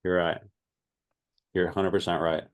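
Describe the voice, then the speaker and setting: Deep-voiced man teaching an online class. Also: moderate pace. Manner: lively, thinks aloud, repeats himself. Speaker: language teacher.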